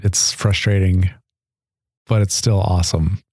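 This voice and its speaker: Mellow-voiced man telling stories earnestly. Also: low voice, fairly even intonation, a little slow, no room sound, studio quality. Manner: earnest, chatty, laughs between sentences. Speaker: podcast guest. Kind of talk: casual storytelling.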